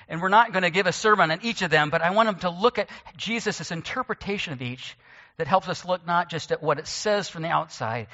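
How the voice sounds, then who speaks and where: Bright-voiced male pastor preaching. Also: on the high side, long reverb tail, highs cut off. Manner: conversational preaching with self-deprecating asides. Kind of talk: sermon. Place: church sanctuary.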